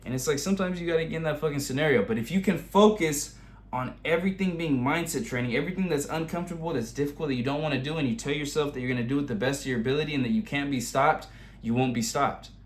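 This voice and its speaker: A man's voice: a little high, fast. A man in his twenties giving a casual motivational monologue in blunt, heavily profane slang, turning intense as he makes his points. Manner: rising, intense when making a point. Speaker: vlogger giving motivational advice.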